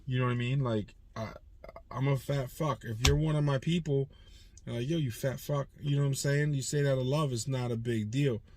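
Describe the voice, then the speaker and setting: A man's voice: medium pitch, steady tone, normal speed, a little mellow, a little hiss or hum. Profane streetwise man in his forties. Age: 40s. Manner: profane, streetwise, rambling talk. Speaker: independent used car dealer and channel host. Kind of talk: casual vlog monologue.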